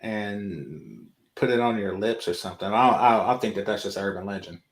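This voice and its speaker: A man's voice: on the low side, moderate pace, slight background noise. A man co-hosting a casual reaction chat, talking loosely with many fillers. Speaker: co-host. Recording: roomy echo.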